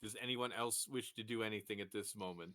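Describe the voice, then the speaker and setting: A man's voice: lowish voice, fairly quick, bright, forceful tone. A man narrating as game master of a tabletop role-playing session, who also puts on a dwarf hireling in broken speech.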